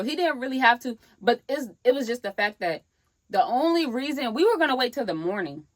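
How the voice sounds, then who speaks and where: Animated woman telling a storytime vlog. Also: on the high side, fairly quick. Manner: animated storytelling, acts out quoted voices. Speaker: vlogger.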